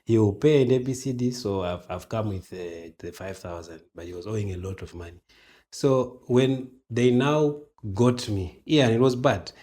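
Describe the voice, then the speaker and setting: A man's voice: fairly low pitch, moderate pace. A man, a guest in a casual interview, telling his story with animation and acting out the dialogue. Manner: animated, acts out dialogue in quoted voices.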